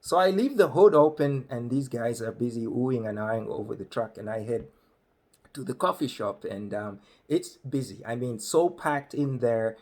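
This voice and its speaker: A man with an African accent spins a comic story in a husky, mid-pitched voice. He talks conversationally, with plenty of asides, and slips into the voices of the people he met. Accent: African English. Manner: conversational, acts out other voices. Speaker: comedic storyteller. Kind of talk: comedic storytelling.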